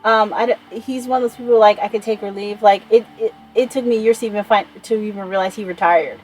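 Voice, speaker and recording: Rambling, excitable woman vlogger. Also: mid-range voice, fairly quick, soft background music, poor audio. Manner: rambling, enthusiastic, swears freely. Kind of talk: casual chat.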